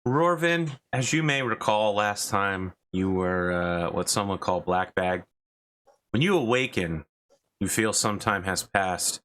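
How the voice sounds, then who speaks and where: A man with a fairly low voice runs a tabletop role-playing session as game master. He narrates in a relaxed, chatty manner and often stops to explain things with asides. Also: unhurried.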